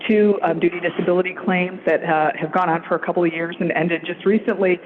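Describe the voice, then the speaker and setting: A woman giving a staff report at a council retreat, halting, with many fillers and restarts. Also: fairly low pitch, fairly even intonation. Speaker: city staff presenter. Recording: phone-like, narrow sound.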